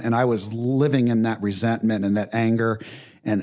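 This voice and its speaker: A man's voice: fairly low pitch, fairly even intonation, fairly quick, a little mellow. A middle-aged man hosting a podcast, speaking candidly and with emotion, with many fillers and restarts. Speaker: podcast host. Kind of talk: casual conversation.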